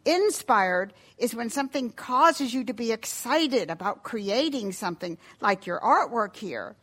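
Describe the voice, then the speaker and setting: A woman voicing a cheerful, patient father in a children's story, speaking slowly and loudly as he explains words. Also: a little high, lively intonation. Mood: booming.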